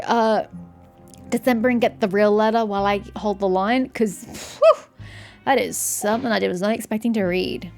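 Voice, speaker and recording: A woman's voice: mid-range voice, moderate pace, vocal fry, faint music behind. A young woman commentating animatedly while playing a video game, reacting with surprise and laughter. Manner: animated, swears and laughs at the story. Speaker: game streamer. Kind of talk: let's play commentary.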